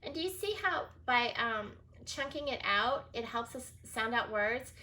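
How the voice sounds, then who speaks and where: With a sharp, high voice, lively intonation, and a measured pace, a woman teacher gives young children a recorded reading lesson. She sounds out and spells words letter by letter and often praises them encouragingly.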